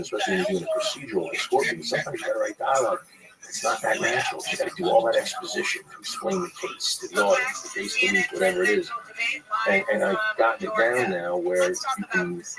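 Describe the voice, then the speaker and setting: Gravelly TV writer type, lively swearing delivery, noisy crowd behind. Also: male voice, a little high. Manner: profane, rambling, animated. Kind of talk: casual chat. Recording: loud crowd chatter behind.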